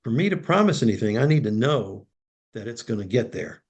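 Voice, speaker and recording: A man's voice: medium pitch, sing-song, fairly quick, breathy edge, muffled recording. An older man, a professional Santa guest, telling an emotional story and acting out the dialogue. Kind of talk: heartfelt storytelling in interview.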